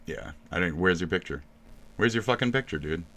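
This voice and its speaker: Man, streamer, deep voice, bright forceful tone, profane ranting reaction. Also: lively intonation, brisk, creaky. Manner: crude ranting, mocking and swearing.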